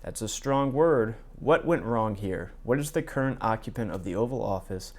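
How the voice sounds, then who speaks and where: A man's voice: fairly low pitch, animated, moderate pace. A man hosting casual political commentary, reading articles and quotes aloud in his own plain voice with sardonic asides. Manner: frequent fillers and restarts, asides.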